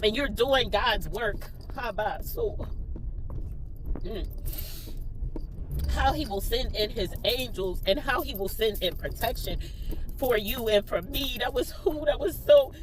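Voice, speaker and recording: A woman's voice: medium pitch, slow pace, long pauses, noisy background. A young woman with a Philadelphia accent, a teacher telling an emotional story to her viewers, close to tears and talking straight to them. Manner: tearful, expressive, talks straight to viewers. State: near tears. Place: in a car.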